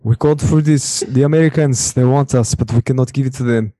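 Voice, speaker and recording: A man's voice: mid-range voice, brisk, mellow, dry recording, natural voice, poor audio. A man putting on a mock Russian accent, playing a solemn, conspiratorial Russian.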